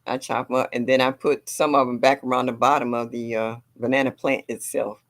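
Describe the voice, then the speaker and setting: A woman's voice: extremely low pitch, flat delivery, a little fast. An older woman hosting a gardening livestream, chatting casually and reading viewer comments aloud. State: a little sore.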